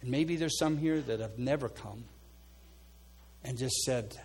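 A man's voice: unhurried, pauses often, slight background noise. A man preaching a sermon as pastor, calling people forward and then praying earnestly over them. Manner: earnest preaching, drops soft and low for quoted prayers. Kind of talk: sermon with altar call and prayer.

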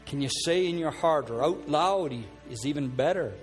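Soft music sits under an animated male voice speaking at normal speed. He's a pastor giving an earnest sermon, calling people forward and praying fervently over them, his voice dropping soft and low when quoting prayers at the altar call.

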